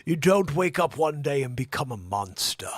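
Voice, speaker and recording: A man's voice: fairly high pitch, sing-song, normal speed, dry recording. Man putting on a suave English villain voice. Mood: theatrical. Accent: put-on English. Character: male suave English villain-style newsreader.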